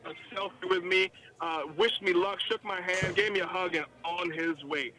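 A man telling stories as a country singer guest in a casual podcast chat, excitable and slangy with lots of restarts. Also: sits high, normal speed, over music, rough recording.

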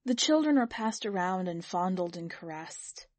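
A woman editor reading a short story aloud in even, measured narration. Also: on the low side, no echo. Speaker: podcast editor and story reader. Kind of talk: scripted narration.

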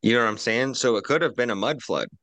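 A man's voice: mid-range voice, quick pace, a bit bright, no room sound. A man on a casual roundtable podcast, ranting profanely and animatedly while drinking.

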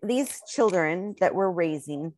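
A woman's voice: lowish voice, expressive, slow pace, darkish tone, dry recording. A middle-aged woman, a guest on a casual interview, talking eagerly about her work as a mom mentor.

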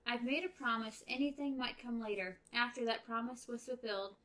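A woman's voice: a little high, steady tone, brisk, fairly bright tone, close to an everyday voice. Woman reading as a pleading young woman. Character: young woman torn between love and duty. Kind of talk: reading a novel aloud.

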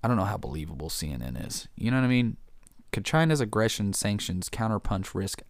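A man with a fairly low voice reads sports and world headlines aloud and riffs on them in a loose, joking ramble. He tosses in "man" and "dude" as he goes. The recording is dry and close, with no room sound. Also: expressive, fairly quick, no echo. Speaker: vlogger reacting to news. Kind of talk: casual reaction commentary.

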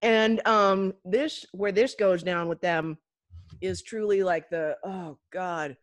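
A woman's voice: fairly low pitch, slow pace, no echo, studio quality. A woman co-hosting a podcast, retelling movie scenes with energy and plenty of swearing. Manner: profane, energetic retelling with acted quotes. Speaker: podcast co-host. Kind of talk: casual movie recap chat.

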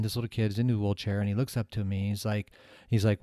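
A man hosting a podcast, giving a motivational talk with lively storytelling that swings between loud emphasis and hushed asides. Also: on the low side, fast, no room sound, studio quality. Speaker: podcast host.

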